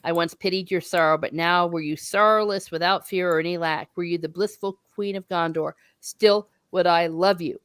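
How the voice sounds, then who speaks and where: A woman reading the lines of an earnest young noble captain from a book, measured and solemn. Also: on the low side, fairly even intonation, clean tone, no room sound, natural voice.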